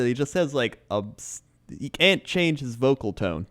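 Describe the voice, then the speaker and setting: A man's voice: mid-range voice, animated, moderate pace, hardly any pauses, a bit bright. A man co-hosting a comedy podcast, chatting casually and rambling, laughing easily. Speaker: podcast co-host.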